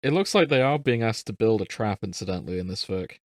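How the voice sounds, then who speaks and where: Low-voiced man joking on a podcast. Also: animated, quick pace, dry recording, clean studio sound. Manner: laughing, self-deprecating banter. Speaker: podcast co-host. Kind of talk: casual chat.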